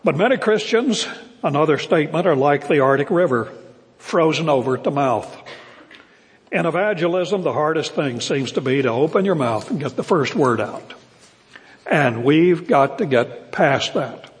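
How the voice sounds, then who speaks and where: An older male pastor preaching a sermon to his congregation, earnest and emphatic, slowing down to stress key words. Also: fairly high pitch, animated. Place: church sanctuary. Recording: long reverb of a church hall.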